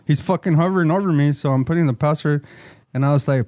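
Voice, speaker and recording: A middle-aged man tells a long, rambling story on a podcast, cursing casually and mixing in Spanish. His voice sits a bit high for a man. The sound is dry and close, with no room echo. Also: quick pace, warm tone. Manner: swears often, code-switches into Spanish, rambling storyteller. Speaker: podcast co-host.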